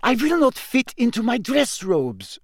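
A man's voice: very high voice, wildly swooping pitch, a little slow, dry recording, studio quality, pitched above the performer's own voice, full character voice. A man reading aloud voices a vain, haughty young woman, sulky and fussy. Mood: grumpy. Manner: sulky, complaining. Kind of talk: audiobook character voice.

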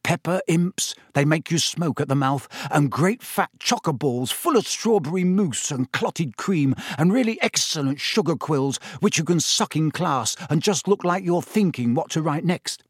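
A man's voice: fairly high pitch, lively intonation, moderate pace, hardly any pauses, husky, no room sound, clean studio sound, pitched above the performer's own voice. A man doing a spirited, offhand schoolboy. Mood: dreamy. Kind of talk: audiobook character voice.

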